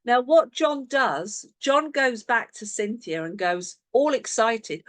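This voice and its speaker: Brief: woman, sales coach on a video call, lively up-and-down delivery, close dry sound. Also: a little high, takes it slowly, few pauses, no echo. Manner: animated, acts out sample conversations. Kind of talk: online team coaching session.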